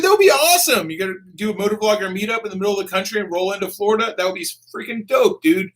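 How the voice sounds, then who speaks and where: A young man doing a laid-back live stream, reading out donations and comments. He swears freely, calls everyone dude, and breaks into excited bursts. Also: on the high side. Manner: bursts of excitement and quick laughs. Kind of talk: casual live-stream chat.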